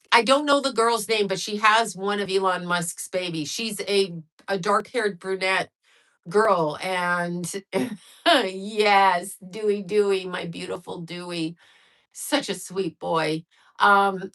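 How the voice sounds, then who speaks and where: A woman's voice: mid-range voice, fairly bright tone. Casting: middle-aged woman, livestream host, loose rambling chat, answers comments. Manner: chatty, rambling, reacts to viewer comments.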